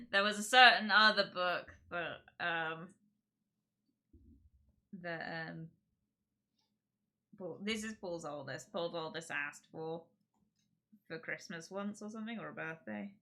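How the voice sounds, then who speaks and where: A woman's voice: lowish voice, takes it slowly, pauses often, pushed and bright. A woman hosting her livestream, chatting casually and rambling with giggles and restarts. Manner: rambling, giggly, self-interrupting. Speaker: streamer host.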